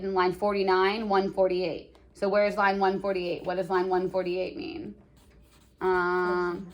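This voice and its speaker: A young woman teaching a class, explaining lines in an animated, playful way. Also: mid-range voice. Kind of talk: classroom lecture.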